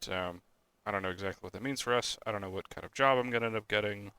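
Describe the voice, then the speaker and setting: A man's voice: on the low side, quick pace, pushed and bright, clear, resonant tone, no echo. A young man co-hosting a podcast, chatting casually and ranting with frequent swearing and exasperated outbursts. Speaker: podcast co-host. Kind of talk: casual chat.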